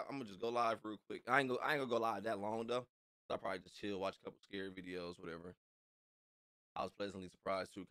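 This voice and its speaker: A man's voice: on the low side, fairly bright tone. A man hosting a live stream in casual chat, laid-back and slangy, reading viewers' messages aloud.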